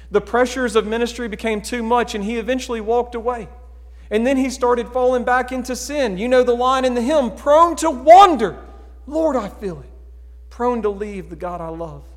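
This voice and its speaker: A man preaching a sermon as pastor, earnest and pleading, dropping to a hush and rising to emphatic calls. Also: high voice. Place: church sanctuary. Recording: long hall reverb.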